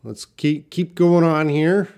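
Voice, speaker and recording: A man's voice: a little high, little pitch movement, takes it slowly, a little mellow. A man teaching English in a live question-and-answer stream, reading out viewer questions and explaining with patient restarts and fillers. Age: young adult.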